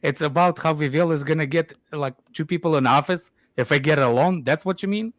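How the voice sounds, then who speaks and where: Teasing man, a little high-voiced. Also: fairly quick, dry recording. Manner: teasing, repeats himself, searches for words. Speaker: podcast co-host. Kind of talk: casual chat.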